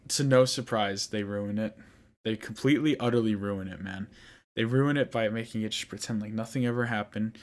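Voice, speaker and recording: A young man hosting a podcast, recapping an anime in a rambling, frustrated casual monologue full of fillers. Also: lowish voice. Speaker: podcast host.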